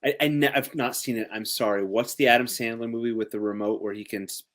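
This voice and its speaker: A man co-hosting a casual podcast chat, rambling and apologizing, quick to laugh at himself. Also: medium pitch, steady tone. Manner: rambling, apologetic, self-deprecating, laughs often. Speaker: podcast co-host.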